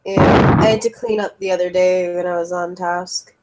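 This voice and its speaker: A woman's voice: fairly low pitch, fairly even intonation, normal speed, darkish tone, lightly acted, low-quality recording. A woman playing a blunt, foul-mouthed young woman in a casual role-play scene, talking loosely and swearing freely.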